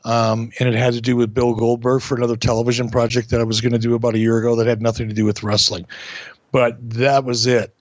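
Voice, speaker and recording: A middle-aged man hosting a casual podcast, animated and profane, often restarting his sentences. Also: medium pitch, quick pace, dry recording, lo-fi sound. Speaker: podcast host.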